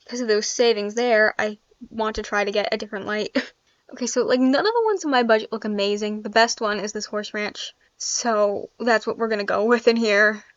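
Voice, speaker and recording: A woman's voice: mid-range voice, a little fast, dry recording. A woman giving casual gameplay commentary, chatty and thinking aloud with frequent laughs. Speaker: gaming YouTuber. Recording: dry, slightly dull sound.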